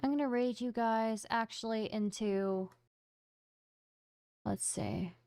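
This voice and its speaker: A woman's voice: fairly high pitch, takes it slowly, gravelly, dark tone, no room sound, studio quality. A woman hosting a livestream, chatting casually and playfully with her viewers in a self-mocking way. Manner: playful, self-mocking, talks straight to chat. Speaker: livestream host. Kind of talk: casual stream chat to viewers.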